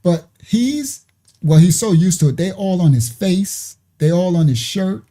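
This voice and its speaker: A man's voice: sits high, lively intonation, measured pace, dark tone. A man hosting a reaction video, musing aloud and asking his viewers questions in a casual way.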